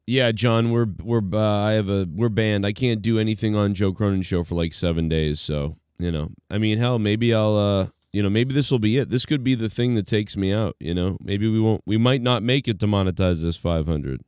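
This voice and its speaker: A man with a low, warm voice talks loosely over a live stream, rambling and trailing off with ums and uhs. His voice comes through smooth and close, with no room sound around it. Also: moderate pace, few pauses, dry recording. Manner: laid-back, rambling, full of fillers. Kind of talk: casual live-stream commentary.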